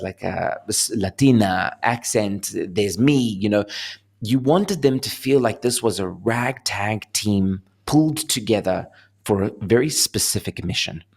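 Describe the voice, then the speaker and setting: A young adult man with a South African accent, an actor talking casually in an interview and telling lively stories. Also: lowish voice, husky. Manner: animated storyteller, laughing, acting out voices.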